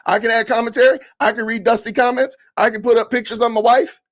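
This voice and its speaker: A man hosting a podcast livestream, reading comments aloud with animated, indignant, preachy ranting. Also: very high voice, fast talker, few pauses. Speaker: podcast host.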